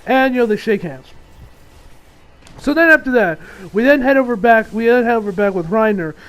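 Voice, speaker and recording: A man's voice: very high voice, animated, normal speed, a bit bright, low-quality recording. A man recapping an anime episode as a reviewer, in a loose, rambling way that swears freely and acts out the lines of the characters.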